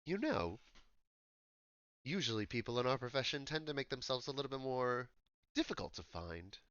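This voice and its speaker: A man's voice: mid-range voice, animated, moderate pace, fairly bright tone, dry recording, lo-fi sound, lightly acted. A man doing a posh older elf spymaster. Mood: suave. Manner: attempted posh English accent. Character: older male high elf spymaster, suave and composed.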